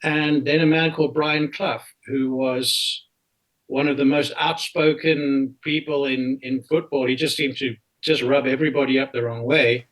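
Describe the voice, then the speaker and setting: A South African man in his fifties, an interview guest telling a story in a casual, animated way and often tagging his lines with "right?". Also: medium pitch, normal speed, rough recording.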